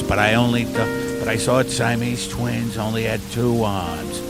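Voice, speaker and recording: A man's voice: mid-range voice, unhurried, few pauses, loud music behind the voice. A man hosting a comedy podcast, rambling through a surreal improvised story and chatting. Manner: rambling, surreal, self-interrupting. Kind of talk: absurd improvised storytelling and casual chat.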